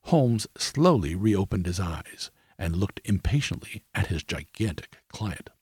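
A man narrating a story in a measured storytelling voice. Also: low voice, very animated, a little mellow, husky, no echo. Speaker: audiobook narrator. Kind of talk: scripted narration.

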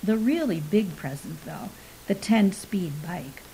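Woman reading stories in a mellow voice. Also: on the low side, lively intonation, slow pace, vocal fry, low-quality recording. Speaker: story reader. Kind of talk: scripted narration of short stories. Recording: faint hiss behind voice.

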